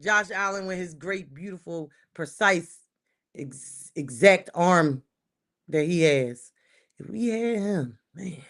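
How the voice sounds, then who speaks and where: A woman hosting a livestream, ranting casually to her chat about her football team. She repeats lines for emphasis and swings between shouting and muttering. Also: lowish voice, lively intonation, slow pace. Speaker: livestream host. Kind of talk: casual sports rant to live chat.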